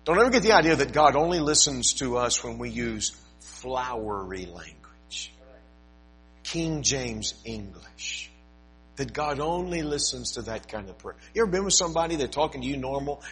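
A man preaching a sermon, telling a story with folksy humor and swinging from loud to soft. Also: mid-range voice, expressive, normal speed, breathy edge, low-quality recording. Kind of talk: evening sermon.

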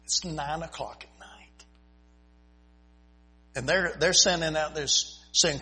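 A missionary preacher tells a folksy story from the pulpit, chuckling at his own punchlines. His voice sits a little high, with a bright, forceful edge and a husky grain. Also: moderate pace. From United States. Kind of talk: storytelling sermon. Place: church before a congregation.

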